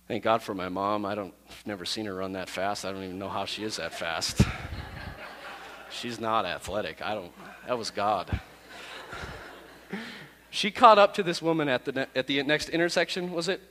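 A man's voice: lowish voice, moderate pace, long pauses, sharp tone. Man, youth pastor, casual sermon storytelling, self-deprecating asides, reverberant hall.

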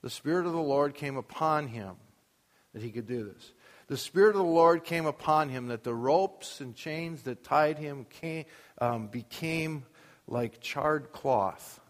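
A man's voice: on the high side, a little slow. Preaching man in a reverberant hall. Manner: preaching with rising emphasis and rhetorical questions. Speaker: pastor. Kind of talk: sermon. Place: church with a sound booth.

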